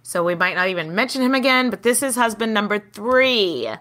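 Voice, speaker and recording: A woman co-hosting a casual history podcast, telling the story with lively acted-out quotes and casual swearing. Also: medium pitch, fairly quick. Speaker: podcast co-host.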